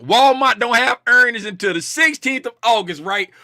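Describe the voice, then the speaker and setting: Man, high voice, bright and forceful, dry close mic, casual trading stream host, slangy and playful. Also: moderate pace, no echo. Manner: playful, animated, reads chat names aloud and shouts bits of it; slangy, loose, repeats himself. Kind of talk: casual live-stream market talk.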